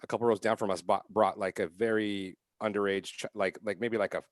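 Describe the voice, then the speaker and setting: A man on a podcast telling profane, animated anecdotes in casual chat. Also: on the low side, a little fast, no echo. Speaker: podcast co-host.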